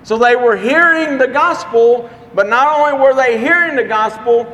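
A man preaching a sermon, telling a personal story in a folksy, earnest way with dramatic pauses. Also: very high-pitched, a bit bright. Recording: long reverb, faint background noise.

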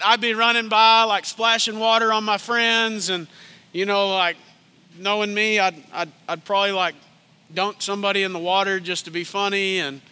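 Male pastor, casual lively sermon, very high sharp voice, long church reverb. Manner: energetic, conversational preaching with sudden hushed drops.

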